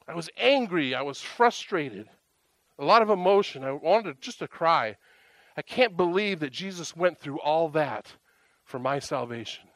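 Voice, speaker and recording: Male pastor, slightly high voice, animated conversational sermon delivery, dry close sound. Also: normal speed, no room sound. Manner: animated, rhetorical questions, conversational. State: tired, emotionally raw.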